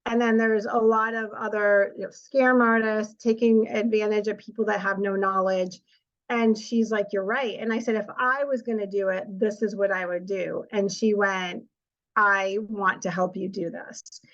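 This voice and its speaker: This middle-aged author and speaker talks at a normal speed with a medium pitch and a steady tone, though the recording's highs are cut off. During her slide presentation she tells chatty stories and performs the quoted lines.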